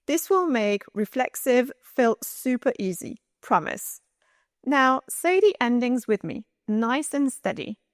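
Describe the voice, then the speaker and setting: A woman with a slightly raised voice leads a scripted language lesson, coaching the listener step by step. She speaks slowly and clearly, and the recording is close and dry. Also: on the high side, no room sound. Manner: upbeat, coaching, slow and clear. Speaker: language teacher.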